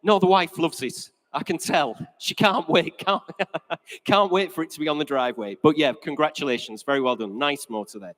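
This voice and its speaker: A man calls bids from the rostrum of a car auction, quick with figures and quick with a joke. His voice sits a little high for a man. It rings out through a big echoing hall. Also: a bit bright. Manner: brisk, jokey patter between bids. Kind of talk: live auction calling.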